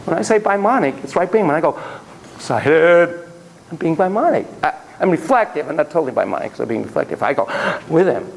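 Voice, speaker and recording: A man giving a classroom lecture on child therapy, telling digressive, self-deprecating stories in an animated way. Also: fairly high pitch, very fast, creaky, few pauses, slight background noise, poor audio.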